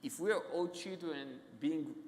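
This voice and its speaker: A man with an Israeli accent, a guest author telling stories on stage in a halting, self-interrupting way. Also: on the high side, slight background noise. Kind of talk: onstage conversation, anecdotal storytelling. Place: large event hall. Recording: echoey hall.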